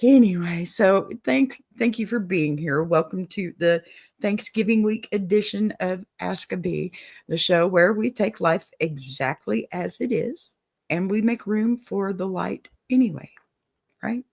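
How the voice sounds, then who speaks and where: A host with a Southern accent talks through an advice show in a casual, encouraging way, checking in with "okay?" and calling listeners "y'all." The voice sits at a middle pitch. It is recorded close and dry, with no room echo. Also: animated, measured pace, vocal fry, darkish tone. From Texas.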